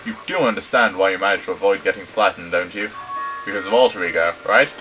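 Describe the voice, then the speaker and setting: A British man reading game dialogue aloud and joking and swearing through a let's play. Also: low voice. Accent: British English. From Britain. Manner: sweary, joking, does quick silly voices for characters. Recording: dull lo-fi sound with game music behind. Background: game music.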